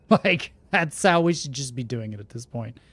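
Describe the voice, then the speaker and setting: Man, Oklahoma accent, gaming commentary, laughs often, mid pitch, dry close sound. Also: lively intonation, measured pace, fairly bright tone, dry recording. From Oklahoma, USA. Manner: chatty, laughs often, reacts to live chat. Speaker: gaming streamer. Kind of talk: casual gameplay commentary, reading game text aloud.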